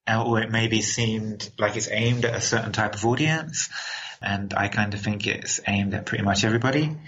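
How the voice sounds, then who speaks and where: A man's voice: lowish voice, fairly even intonation, moderate pace, fairly bright tone, highs cut off, slight background noise. Upbeat man with mixed London-American accent. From England. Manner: upbeat, laughs often, repeats words. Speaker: interview guest. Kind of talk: casual interview answers.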